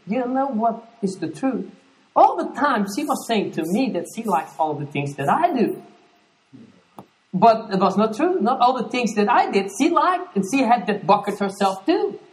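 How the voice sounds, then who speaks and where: Animated Dutch-accented preacher, echoey room. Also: male voice, high-pitched, moderate pace, far from the mic. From Netherlands. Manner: animated storyteller who acts out the quoted lines. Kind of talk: sermon.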